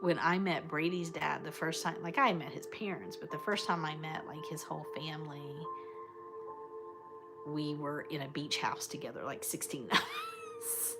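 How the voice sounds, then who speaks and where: A woman chats casually with her livestream viewers, affectionate and fond, calling them sweet names. Her voice sits a little low for a woman. Clear background music plays under her talk. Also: huge pitch swings, moderate pace. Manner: chatty and affectionate, fond of terms of endearment. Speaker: livestream host. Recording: clear music playing behind the voice.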